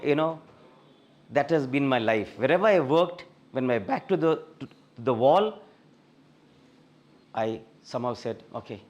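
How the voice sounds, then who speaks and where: A middle-aged man with an Indian English accent, sharing a personal faith testimony at a fellowship meeting in a storytelling manner. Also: mid-range voice. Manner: storytelling, animated when reliving scenes. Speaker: guest speaker sharing a testimony.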